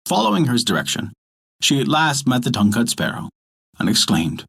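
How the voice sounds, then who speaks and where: Guy narrating an old folk tale on a story podcast, really animated delivery, kinda husky voice. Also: medium pitch, brisk. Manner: lively, expressive storytelling. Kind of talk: scripted narration.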